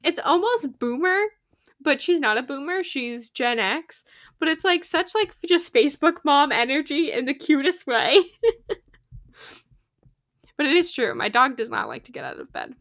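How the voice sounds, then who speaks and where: A woman's voice: sits high, very animated, normal speed, fairly bright tone, no echo, studio quality. A young woman chatting casually while livestreaming a game, rambling with lots of fillers and laughs, sleepy and yawning. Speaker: streamer.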